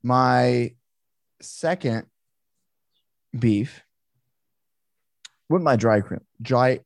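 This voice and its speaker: A man co-hosting a casual podcast, telling a story with animated, exasperated swearing. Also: mid-range voice, drawn-out words, vocal fry, no echo, studio quality. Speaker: podcast co-host. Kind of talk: casual chat.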